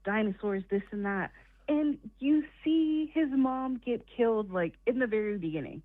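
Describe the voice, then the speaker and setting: A woman's voice: a little high, lively intonation, moderate pace, no echo. A woman calling in to a live show, chatty and laughing between remarks. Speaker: caller. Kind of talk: casual chat. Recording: tinny phone-like call line.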